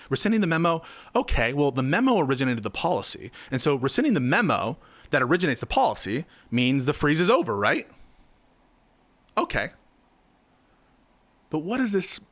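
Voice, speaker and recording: A man's voice: mid-range voice, a bit bright, dry recording. A man giving impassioned political commentary, heated and sarcastic, firing off rhetorical questions.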